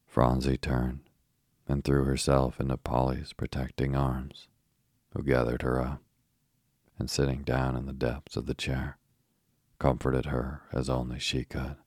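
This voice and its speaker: Very deep, flat-voiced man reading a bedtime story. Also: dry recording, clean studio sound. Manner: slow, soft and steady, for falling asleep. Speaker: narrator.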